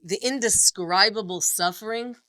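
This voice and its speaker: A woman's voice: mid-range voice, normal speed, sharp tone, no room sound. A woman teaching a text study class, reading passages aloud with feeling and then explaining them.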